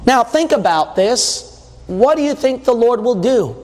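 A man's voice: very high-pitched, expressive, unhurried. A man preaching a sermon in a conversational way, reading scripture and acting out quotes. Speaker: pastor. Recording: long hall reverb.

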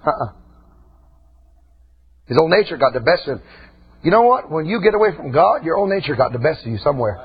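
Husky shouting preacher man. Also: big pitch swings, a little fast, pauses often, dull audio. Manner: swings between shouting high and dropping low and quiet. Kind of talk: sermon.

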